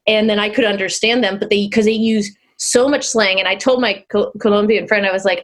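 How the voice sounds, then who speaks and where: A woman's voice: mid-range voice, steady tone, fairly quick, hardly any pauses. Woman rambling thru a travel story, laughs a lot, casual podcast chat. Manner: chatty storytelling, laughs often. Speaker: podcast co-host.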